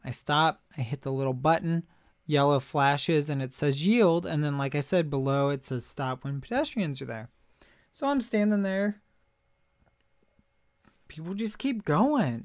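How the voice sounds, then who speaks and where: A man vlogging, telling a long rambling story in an animated, ranting way with frequent asides. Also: fairly high pitch, measured pace, no room sound, studio quality. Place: lives in Missouri.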